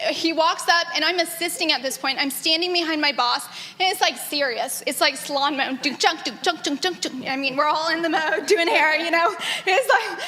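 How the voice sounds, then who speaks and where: A woman in her thirties gives a personal testimony, her voice high and sharply bright. She talks earnestly and with animation, often laughing. The long reverb of a large hall trails every phrase. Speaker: granddaughter sharing memories. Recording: echoey hall.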